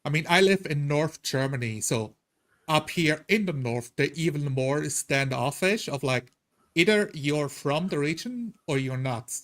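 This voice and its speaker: A man with a slightly high voice talks on a panel, lively and amused. His speech is casual and easy. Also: a little slow. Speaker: podcast panelist.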